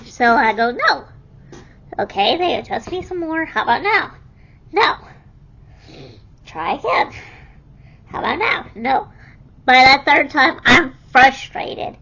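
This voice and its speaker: A woman's voice: sits high, slow, creaky, long pauses, highs cut off. A young woman casually telling stories from her hospital stay, laughing often and acting out what people said. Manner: laughs often while telling, animated quoting of others. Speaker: vlogger telling her life story. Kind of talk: casual storytelling.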